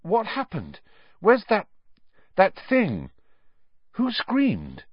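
A man voicing a dazed, bewildered teenage schoolboy asking halting questions. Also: high voice, huge pitch swings, breathy edge, no echo, highs cut off, voice pushed up, heavily acted.

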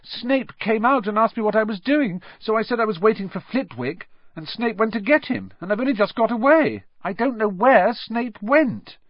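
Man putting on a worried clever schoolgirl, high and fretful, storybook voice. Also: huge pitch swings, moderate pace, hardly any pauses, no echo, highs cut off, heavily acted. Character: anxious clever schoolgirl, fussy and earnest.

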